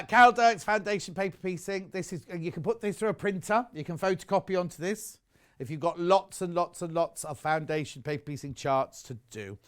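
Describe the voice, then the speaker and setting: A man's voice: high voice, fairly bright tone. A British man presenting live on a shopping channel, chatty and rambling as he sells sewing goods. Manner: chatty, rambling, reads out viewer messages.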